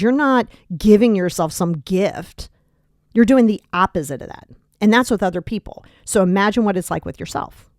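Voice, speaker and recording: A woman's voice: mid-range voice, dry recording, clean studio sound. A woman hosting a self-help podcast, talking bluntly and emphatically, swearing casually as she coaches listeners. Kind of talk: motivational self-help talk.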